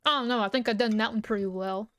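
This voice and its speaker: Higher-voiced young woman chatting casually. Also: fast, no room sound. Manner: relaxed, rambling, hums and giggles often. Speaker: streamer. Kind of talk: casual livestream chat.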